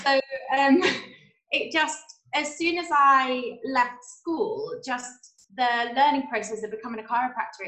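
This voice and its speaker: Higher-voiced woman in an echoey room. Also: a bit bright. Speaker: chiropractor guest. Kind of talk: casual interview answers.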